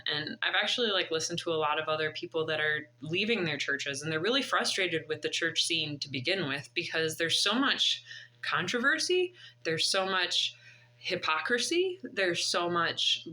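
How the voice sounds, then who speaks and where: Reflective and earnest, a woman in her 30s shares a faith-driven personal story on her vlog. Her voice is deep yet bright and forceful, and the recording is rough.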